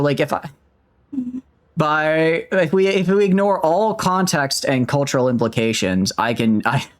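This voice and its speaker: A man streaming a video game, chatting casually and rambling in a self-mocking way with many restarts. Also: medium pitch. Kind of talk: casual let's-play commentary.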